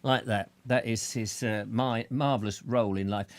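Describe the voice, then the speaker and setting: A man's voice: fairly low pitch, fairly even intonation, normal speed. A man hosting a live chat show, greeting viewers by name in a rambling, jokey way full of silly asides. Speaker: show host.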